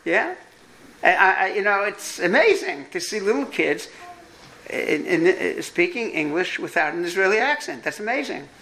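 Bright high-voiced New York lecturer. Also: male voice, very animated, moderate pace, low-quality recording. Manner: emphatic, repeats key points, jokey asides. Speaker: lecturer on parenting. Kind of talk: lecture to an audience.

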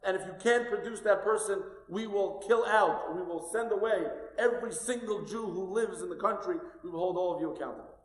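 A man's voice: high voice, brisk, few pauses, voice pushed up, natural voice. A man voicing a stern king issuing a threatening edict, raising his voice in an echoey hall.

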